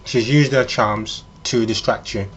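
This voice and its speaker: Rambling man, mid-pitched voice. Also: steady tone, unhurried, a little hiss or hum. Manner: addresses the listener as "you", rambling, with frequent ums. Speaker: vlogger. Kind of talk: casual monologue.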